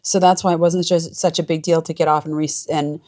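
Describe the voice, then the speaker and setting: A woman's voice: low-pitched, flat delivery, a little fast, a little mellow. A woman vlogging from a small cabin, chatting in a gushing, emotional way. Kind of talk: casual chat.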